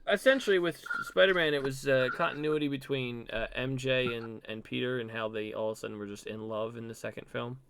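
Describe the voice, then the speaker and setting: Man, podcast host; gravelly mid-pitched voice, hesitant with frequent restarts, dry close mic. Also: a bit bright. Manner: halting, restarts often, hesitant fillers. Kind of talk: casual chat.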